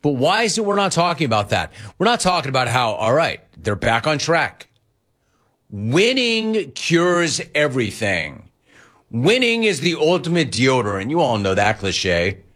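Animated ranting radio host, man. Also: mid-range voice, unhurried. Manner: animated, ranting, quoting others in mock voices. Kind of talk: sports talk radio.

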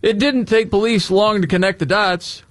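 A man's voice: high-pitched, normal speed, no echo, clean studio sound. A man co-hosting a radio show in casual banter, telling stories with acted-out quotes. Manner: animated, acts out quotes in the stories he tells.

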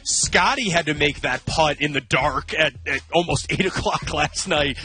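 Emphatic sports radio host, bright voice. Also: male voice, a little high, measured pace, soft background music. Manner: emphatic, repeats points for stress. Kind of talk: casual sports talk.

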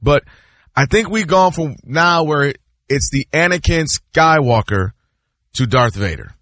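A man debating basketball on a sports show, emphatic and lively, acting out players and fans as he argues. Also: on the high side, no room sound. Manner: emphatic, acts out players and fans in quick voices.

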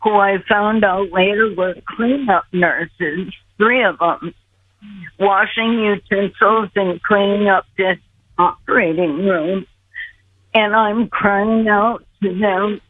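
An older woman telling a personal story slowly and earnestly, calling in to a show. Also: mid-range voice, steady tone, a little hiss or hum. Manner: earnest, acts out her own pleas. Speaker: guest recounting near-death experience. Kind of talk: slow storytelling. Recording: tinny phone line.

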